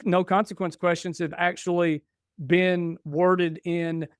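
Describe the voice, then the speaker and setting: A man's voice: sits high, slow, clear, resonant tone, no room sound. A man in his forties, a podcast guest, telling stories in casual chat and acting out the dialogue. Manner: animated, acts out dialogue in stories.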